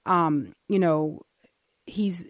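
A woman co-hosting a Christian talk show, earnestly teaching from the Bible and slowing down to read verses aloud. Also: on the low side, dry recording, clean studio sound. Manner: earnest, explains step by step, slows down to read verses.

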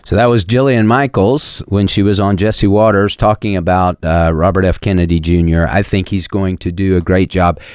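Male radio host, very low voice, dry close studio sound, emphatic repetitive monologue. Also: steady tone, moderate pace, few pauses, darkish tone, clear, resonant tone, dry recording. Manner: emphatic and repetitive, mocking opponents in quoted voices. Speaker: radio talk show host.

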